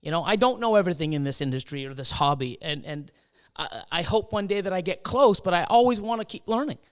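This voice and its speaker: Man, middle-aged, high voice, very lively pitch, casual chat, swears a lot, replays his own reactions. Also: fast talker. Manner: animated, swears often, acts out his own past reactions. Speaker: host.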